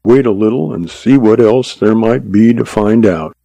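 A man reading a Western story aloud as narrator, in steady, measured storytelling. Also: lowish voice, creaky, no echo, low-quality recording. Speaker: audiobook narrator.

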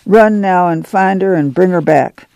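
A man voicing a weary, steady mother of a poor migrant family, talking in a folksy rural dialect, firm and quiet. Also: lowish voice, a little slow, vocal fry, no room sound.

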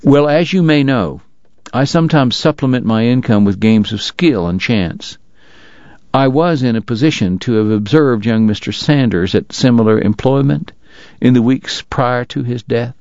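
A man's voice: mid-range voice, normal speed, darkish tone, no echo, dull audio, lightly acted. A man voicing a formal, long-winded Southern dentist and gambler with a drawl, in a read-aloud story.

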